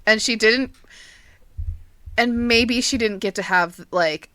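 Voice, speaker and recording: A woman's voice: a little high, slow, a bit bright, no echo. A young woman co-hosting a podcast in casual chat, giggly and swearing freely. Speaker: podcast co-host.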